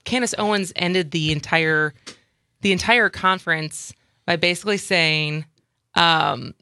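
A woman in her thirties from the Midwestern US, hosting a casual chat with a lively, sarcastic manner. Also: fairly low pitch, measured pace, clear, resonant tone, no room sound. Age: 30s. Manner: lively, sarcastic, laughs often. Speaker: podcast host.

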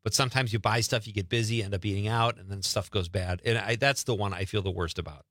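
Talking quickly in a lowish, fairly bright voice, this male host chats casually and makes self-deprecating jokes in a radio-style show. His intonation stays fairly even, and the audio is a clean studio recording without room sound.

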